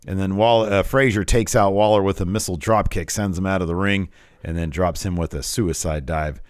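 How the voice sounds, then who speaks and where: A man's voice: lowish voice, smooth, no echo, studio quality. A man co-hosting a podcast, recapping a wrestling show in casual chat and animatedly acting out what people said. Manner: animated storytelling, acts out quotes. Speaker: podcast co-host.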